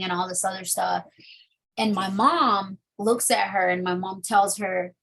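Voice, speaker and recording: A woman's voice: mid-range voice, fairly even intonation, measured pace, a bit bright, low-quality recording. Woman telling her testimony, chatty. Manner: candid storytelling with many fillers. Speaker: interview guest. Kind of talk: personal testimony.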